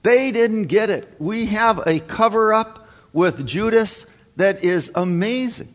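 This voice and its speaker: A man preaching a sermon in a folksy, halting way, reading scripture and restarting his sentences often. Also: high voice, animated. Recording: long hall reverb.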